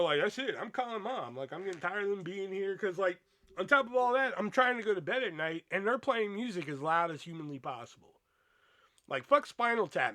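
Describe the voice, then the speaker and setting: A young man with a bright, forceful voice tells a story from his own life, swearing freely and wandering off on side remarks. His voice sits a little high for a man, and his talk is loose and unscripted. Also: dry recording, clean studio sound. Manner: profane, rambling, lots of fillers. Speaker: podcast host. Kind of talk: casual storytelling.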